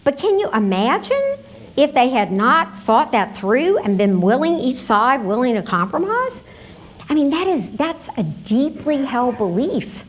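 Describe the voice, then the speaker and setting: A woman's voice: sits high, sing-song, unhurried, slight background noise. A woman giving a conference workshop talk, conversational and telling stories straight to the audience. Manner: storytelling, conversational, addresses audience directly. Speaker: conference presenter.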